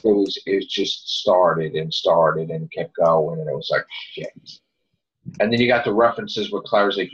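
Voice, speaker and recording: A man's voice: sits low, normal speed, husky. Profane, heated man on a lo-fi podcast. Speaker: podcast host. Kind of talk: casual podcast chat. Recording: dull lo-fi podcast audio.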